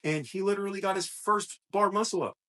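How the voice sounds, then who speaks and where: Here the gym coach sounds high-pitched, bright and forceful, holding a steady tone while talking a little fast. Co-hosting a relaxed podcast, he's sincere and motivating, repeatedly starting sentences over as he thinks aloud.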